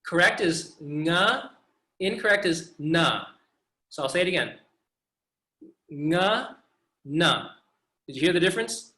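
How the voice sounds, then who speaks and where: A man's voice: fairly high pitch, lively intonation, normal speed, bright, forceful tone, roomy sound. A man teaching pronunciation over a video call, patiently demonstrating sounds again and again. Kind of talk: online pronunciation class.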